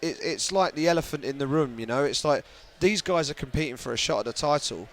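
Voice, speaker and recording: A man's voice: a little high, animated, fast talker. A man from the UK, a journalist guest in a casual podcast chat, talking thoughtfully and often restarting his phrases.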